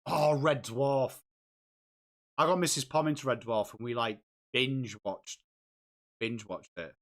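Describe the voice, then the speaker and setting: A man's voice: mid-range voice, unhurried, a bit bright. An English man hosts a live football watchalong stream. He chats casually and answers viewers' comments while reacting to the game. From England. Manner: chatty, reads and answers viewer comments while calling the play. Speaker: host of a live footy watchalong.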